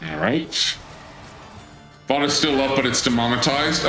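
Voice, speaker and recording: Hosting a live gameplay channel, a man banters playfully with chat while hamming up a mock-grand persona. His mid-range voice is sharp and steady, and he speaks unhurriedly. Game music plays beneath a roomy echo.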